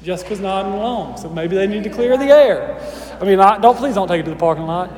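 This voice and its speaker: A man's voice: sits high, animated, quick pace, a little mellow, echoey room, in a large hall. A man preaching a sermon as pastor, casual and conversational with playful asides to the congregation.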